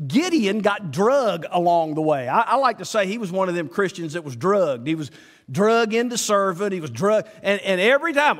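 A man's voice: sits high, moderate pace. A male preacher, giving a folksy sermon and acting out conversations with God. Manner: folksy, acts out dialogue with God in lively voices. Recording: reverberant hall.

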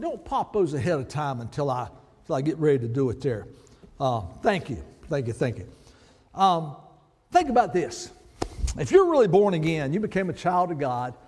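Guy preaching in church, high voice bouncing all over, big echoey hall. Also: a little mellow. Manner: emphatic preaching with congregation read-alongs. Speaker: pastor. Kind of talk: sermon. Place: church sanctuary.

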